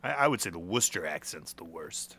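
A man's voice: deep voice, very animated, fairly quick, gravelly, bright, forceful tone, no room sound. A young man co-hosting a podcast in casual chat, joking, laughing often and stumbling over repeated words. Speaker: podcast co-host.

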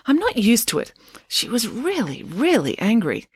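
A woman voicing a sunny, self-assured girl who talks in a bright, bubbly way. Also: on the high side, big pitch swings, moderate pace, slightly rough, no room sound, voice pushed up.

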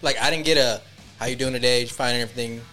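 A man's voice: medium pitch, fairly even intonation, rapid-fire, pushed and bright, soft background music. A man co-hosting a podcast, joking around, laughing a lot and swearing freely in crude casual banter. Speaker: podcast co-host.

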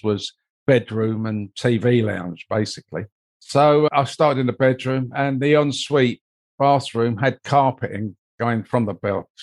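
An older man talks through a long personal anecdote in a conversational, meandering way, dropping in "you know" as he goes. His voice sits at an ordinary middle pitch for a man. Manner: rambling, anecdotal, frequent "you know" asides. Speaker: interview guest, mold investigator. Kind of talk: conversational storytelling.

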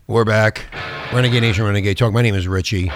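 A man's voice: lowish voice, steady tone, fast talker, loud music behind the voice. A man hosting a talk radio show, ranting angrily with profanity and mocking sarcasm. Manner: angry, profane, combative ranting.

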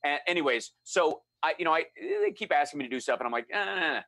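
Bright-voiced man telling a story. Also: fairly high pitch, fast, no echo. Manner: animated, acts out quoted voices. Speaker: guest storyteller. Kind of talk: casual storytelling chat.

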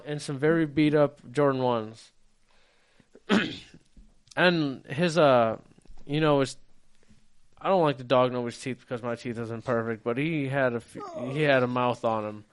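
A man tells a story on a podcast, lively and loose, acting out every line of dialogue as he goes. His voice sits in an everyday middle pitch, and he swears freely while he talks. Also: clean tone. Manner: animated storyteller, acts out quotes, swears freely. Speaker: podcast co-host. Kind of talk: casual storytelling chat.

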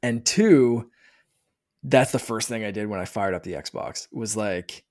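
A man in his thirties chatting casually as a podcast host, talking with excitement and often restarting his sentences. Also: fairly low pitch, measured pace. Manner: rambling, excited, many restarts. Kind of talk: casual chat.

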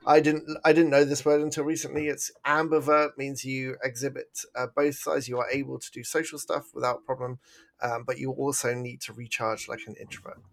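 Gravelly-voiced Englishman in his forties. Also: mid-range voice, flat delivery, fairly quick. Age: 40s. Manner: chatty, self-mocking, laughs often. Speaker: podcast co-host. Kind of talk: casual chat.

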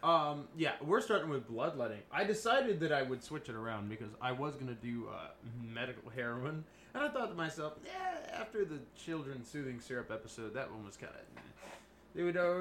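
A man's voice: medium pitch, big pitch swings, brisk, fairly bright tone, slight background noise. A man co-hosting a casual podcast, joking, swearing and laughing as he presents. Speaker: podcast co-host presenting the episode. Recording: echoey room.

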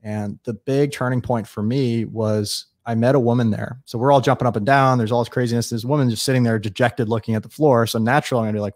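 A man from New York State, a guest in a casual interview, telling stories quickly and acting out what people said. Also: mid-range voice, dry recording, clean studio sound. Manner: fast, animated storyteller acting out dialogue.

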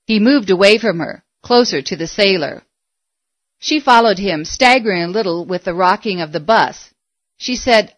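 A woman narrating a story in a steady, measured reading voice. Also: mid-range voice, dry recording.

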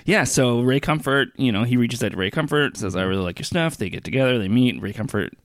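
A man co-hosting a podcast, telling stories loosely with a laugh and quick impressions. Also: mid-range voice, animated, dry recording, clean studio sound. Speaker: podcast co-host. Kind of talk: casual chat. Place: Toronto area.

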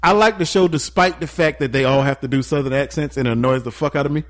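A man's voice: medium pitch, fast talker. A man from the American South chatting casually as a podcast co-host, rambling through his opinions. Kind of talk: casual chat.

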